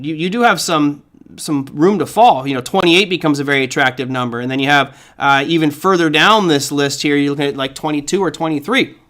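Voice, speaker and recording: A middle-aged man with a fairly high voice hosts a live trading stream. He talks through the markets casually, thinks aloud and reads viewer comments as he goes. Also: sharp tone. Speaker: trading show host.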